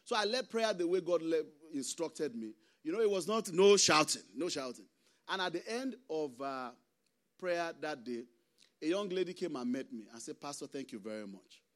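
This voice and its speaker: Pastor guy, high voice, preaching hard, goes loud then drops real quiet. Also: expressive, moderate pace. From Nigeria. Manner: impassioned preaching that swings between loud emphasis and hushed asides. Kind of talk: sermon.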